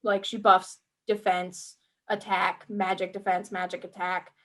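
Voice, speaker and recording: A woman's voice: on the low side, level tone, unhurried, fairly bright tone. A woman co-hosting a podcast in casual gaming chat, chatty, swearing freely and acting out her own reactions as she talks. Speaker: podcast co-host.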